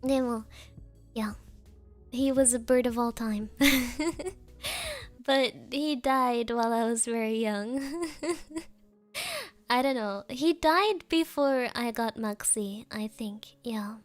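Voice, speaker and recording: Woman streamer, high voice, chatty, giggly, drops Japanese fillers; faint music bed. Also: lively intonation, takes it slowly, long pauses. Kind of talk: casual chat with viewers.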